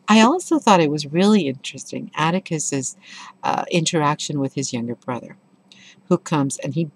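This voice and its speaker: Low-voiced, enthusiastic middle-aged woman. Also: normal speed, breathy edge, no room sound. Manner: enthusiastic, expressive storyteller. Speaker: book reviewer. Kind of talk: casual spoken book review with anecdotes.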